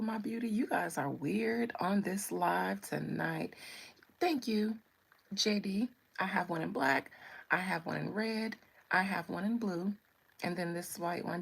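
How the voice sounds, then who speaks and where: Gravelly, husky-voiced woman teasing her live chat. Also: medium pitch. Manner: sassy and playful, teasing viewers. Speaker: live-stream tarot reader. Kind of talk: casual live-stream chat reading comments.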